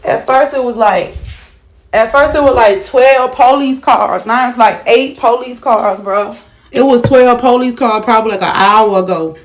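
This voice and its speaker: A woman's voice: high voice, takes it slowly. A woman venting to her vlog viewers in an agitated, profane, repetitive rant, shaken and upset. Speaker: vlogger.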